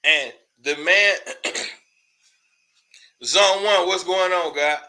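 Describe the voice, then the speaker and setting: A man's voice: high-pitched, drawn-out words, sharp tone. A man hosting a casual commentary show, ranting in a loose, profane way, laughing often and repeating words when worked up.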